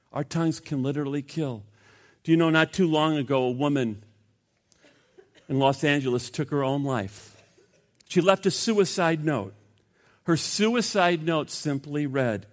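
Animated pastor preaching in a reverberant hall. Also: male voice, mid-range voice, moderate pace. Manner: animated, swings from loud emphasis to hushed. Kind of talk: sermon.

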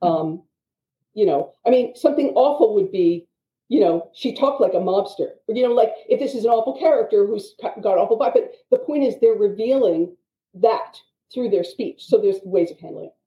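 A woman teaches writing craft, explaining points with animated asides. Her voice sits at an ordinary pitch for a woman. The audio is muffled and dull, with a noticeable echo from the room around her. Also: moderate pace.

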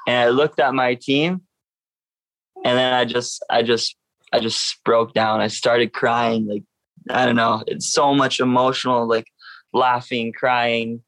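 A young man tells a lively story as an interview guest, switching into other people's voices as he recounts what they said. His voice sits at an ordinary middle pitch and sounds close and dry, with no room echo. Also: unhurried. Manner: animated, acts out other people's lines in a raised voice. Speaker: professional surfer guest.

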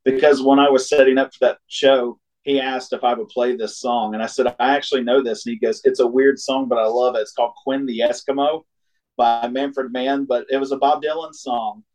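A man's voice: medium pitch, a little fast, low-quality recording. A man, a singer-songwriter from Ohio, telling a road story in casual chat, laughing often and acting out the voices of people in the story. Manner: animated, laughs often, acts out quoted voices.

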